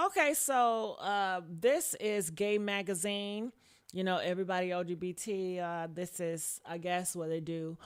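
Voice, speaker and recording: A woman hosts a casual gossip commentary show, her lowish, smooth voice moving a little slowly. Blunt and sassy, she calls listeners "honey" and swears freely while reading comments, recorded on a camera mic with headphones on.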